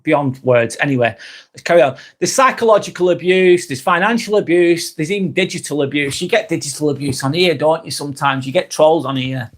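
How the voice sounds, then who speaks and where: Speaking briskly in a voice on the high side, this Northern English man from England chats bluntly through a casual livestream at home. He swears freely and keeps circling back to the same points.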